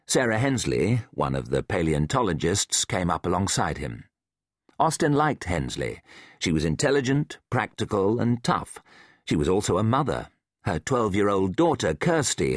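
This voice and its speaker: A man narrating a thriller audiobook in a measured, dramatic way. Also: sits low, sing-song, no echo, studio quality. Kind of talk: scripted narration.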